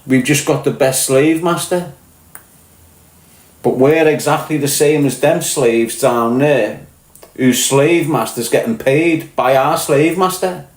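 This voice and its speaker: A man's voice: medium pitch, takes it slowly, reverberant, poor audio. A man with a Scouse accent, a podcast guest talking in a blunt, profane rant and repeating his points. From Liverpool, England. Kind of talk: ranting conversational monologue.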